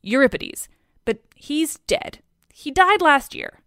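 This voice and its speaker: A woman's voice: on the high side, wildly swooping pitch, measured pace, a bit bright, no echo, clean studio sound, heavily acted. A woman voicing an older, muscular male hero who teases and questions with amused disbelief in a storytelling retelling. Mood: mocking.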